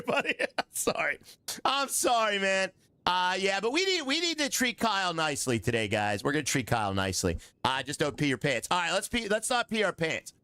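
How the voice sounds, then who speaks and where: A middle-aged man streaming a game live, excitable and joking as he chats with his viewers. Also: sits high. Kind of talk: live gameplay commentary.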